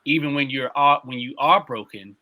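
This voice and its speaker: A man's voice: medium pitch, normal speed, pushed and bright. A man in casual conversation who affirms and builds on what the other speaker says. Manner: affirming, conversational, laid-back.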